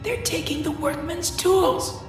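A man voicing a timid little male engine twin who whimpers in a high, squeaky voice. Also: measured pace, echoey room, recorded from a distance, over music. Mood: whispering.

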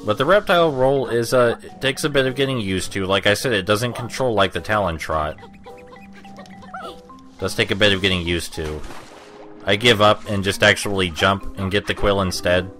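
Young male let's-play narrator, low voice, dry sarcastic rambling, soft game music underneath. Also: moderate pace. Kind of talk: gameplay commentary.

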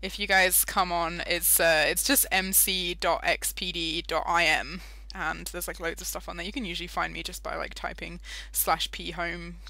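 Young British woman, bright voice, dry close mic, chatty let's-play host who giggles and wanders off topic. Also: lowish voice, flat delivery, normal speed, creaky, no echo. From Britain. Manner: chatty, giggly, easily sidetracked. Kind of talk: casual gameplay commentary.

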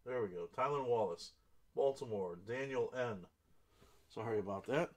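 A man hosting a live trading card break, reading out each card and buyer's name and bursting into excited exclamations over big hits. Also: mid-range voice, normal speed.

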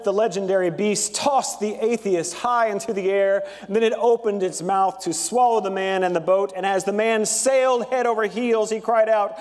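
Man preaching in a reverberant church. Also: sits high. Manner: animated joke-telling, chatty with fillers. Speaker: pastor. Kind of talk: sermon. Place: large church sanctuary. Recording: long hall reverb.

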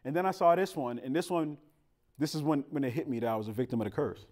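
Fast-talking, with a medium-pitched voice, this man preaches a sermon as pastor. He entertains with humorous family stories told casually and animatedly, speaking directly to those gathered.

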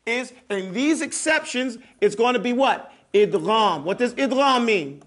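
A man teaching Quran recitation in a classroom lesson, patiently repeating sounds slowly and checking in with his listeners often. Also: extremely high pitch, lively intonation, fairly bright tone.

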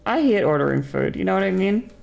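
A woman's voice: mid-range voice, big pitch swings, fast talker, gravelly, soft background music. A woman streamer in casual live-stream chat, exasperated and swearing as she vents. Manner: exasperated, swearing, venting loudly.

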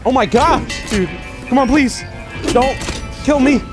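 A man playing a VR game and giving casual, excitable, self-mocking commentary. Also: very high-pitched, takes it slowly. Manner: excitable, self-mocking, frequent laughs and exclamations. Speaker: gaming YouTuber. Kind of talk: casual let's-play commentary. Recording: commentary over loud game music.

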